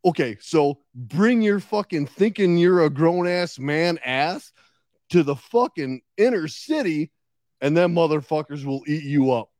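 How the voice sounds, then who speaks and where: Podcast co-host, male, fired-up and foul-mouthed, lively delivery, dry close mic. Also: fairly high pitch, a little slow, no echo. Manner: profane, gets worked up and ranting. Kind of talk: casual chat.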